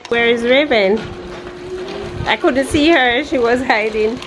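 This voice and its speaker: Slow-talking mom with lilt. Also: female voice, fairly high pitch. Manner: playful, coaxing, laughs often. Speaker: vlogger mom. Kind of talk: casual home vlog, talking to her toddler. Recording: echoey room, faint background noise.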